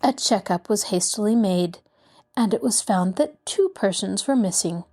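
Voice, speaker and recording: A woman narrating a classic mystery novel aloud in a steady storytelling voice. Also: mid-range voice, moderate pace. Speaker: audiobook narrator. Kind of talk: scripted narration.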